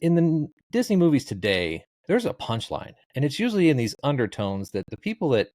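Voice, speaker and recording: A man's voice: mid-range voice, wildly swooping pitch, fairly quick, darkish tone, dry recording. A middle-aged man, a podcast guest, telling rambling stories with dry, laid-back jokes. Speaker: guest, social media comedian. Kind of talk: casual interview chat.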